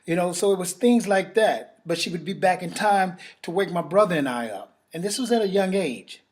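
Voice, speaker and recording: A man with a fairly high voice gives a personal testimonial that turns into a sales pitch. He speaks emotionally and haltingly, repeating his phrases and pausing to sigh as he goes. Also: expressive. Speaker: network marketing presenter.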